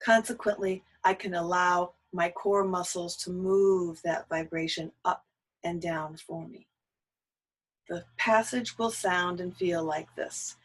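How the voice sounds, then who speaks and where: A woman's voice: lowish voice, fairly even intonation, slow pace, poor audio. Patient woman coaching a singing lesson. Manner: patient, coaching, gives step-by-step cues. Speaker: voice teacher.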